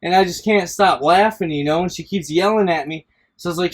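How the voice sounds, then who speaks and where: Male host, rambling profane storyteller, slightly high voice, laughs easily. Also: fairly quick. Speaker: podcast host. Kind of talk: casual storytelling chat.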